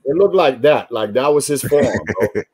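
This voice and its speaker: A man from New York, a former baseball player, telling animated, profane stories in casual chat. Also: mid-range voice, moderate pace, a crowd in the background. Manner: animated, profane, storytelling with quoted voices.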